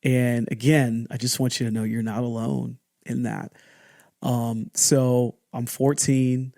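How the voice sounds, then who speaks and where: A young adult man hosting a podcast, telling a personal story in a candid, halting way, often restarting and acting out what people said. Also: medium pitch, level tone, gravelly, warm tone, dry recording, studio quality. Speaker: podcast host.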